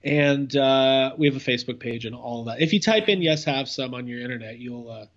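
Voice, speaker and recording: A man's voice: mid-range voice, fairly quick, muffled recording. A man chatting as a podcast guest, rambling and playful with lots of fillers. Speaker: podcast guest, cousin of host. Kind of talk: casual comedic chat.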